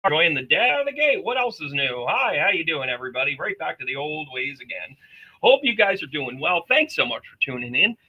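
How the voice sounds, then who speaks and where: A man's voice: a little high, sing-song, brisk, husky, lo-fi sound. A man hosting a psychic medium livestream, talking to viewers in a rambling, chatty way with jokey asides. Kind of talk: casual livestream chat.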